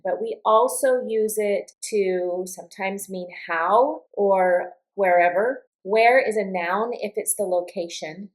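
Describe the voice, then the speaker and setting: A woman's voice: mid-range voice, poor audio. Woman teaching English vocabulary. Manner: slow, deliberate, models intonation aloud. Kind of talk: vocabulary lesson.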